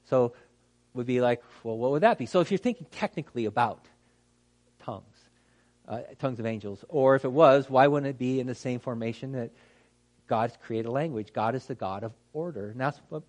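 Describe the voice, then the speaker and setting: A man who is a pastor giving a conversational teaching talk, lively and acting out how words get mispronounced, with many fillers and restarts. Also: medium pitch, moderate pace. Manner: animated, acts out mispronunciations.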